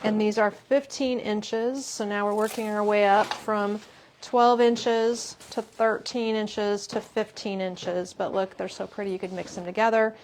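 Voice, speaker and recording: A woman's voice: medium pitch, fairly even intonation, a little slow, slight background noise. Chatty woman showing shop products. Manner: chatty, laughs often. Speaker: shop host on a live stream. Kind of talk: casual product chat.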